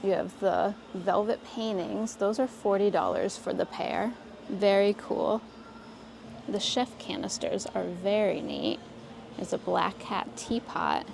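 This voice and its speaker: A woman's voice: mid-range voice, a little slow, vocal fry, a little mellow, faint music behind. A woman vlogger narrating a casual shop-along through an antiques mall, enthusiastically pointing out items and reading their prices. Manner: enthusiastic, reads prices aloud item by item. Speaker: vintage shopping vlogger.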